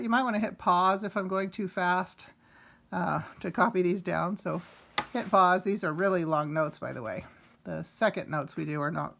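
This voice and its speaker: A woman's voice: medium pitch, a bit bright. Woman teacher explaining grammar notes. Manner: explains step by step, repeats examples. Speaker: Spanish teacher. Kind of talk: recorded lesson.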